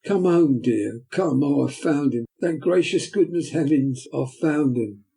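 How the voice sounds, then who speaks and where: A man voicing a distraught young woman who wails and pleads in a high, tearful voice, within a read-aloud classic novel. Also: normal speed, vocal fry, dark tone, breathy edge. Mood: wailing. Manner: shrill, tearful, theatrical wailing.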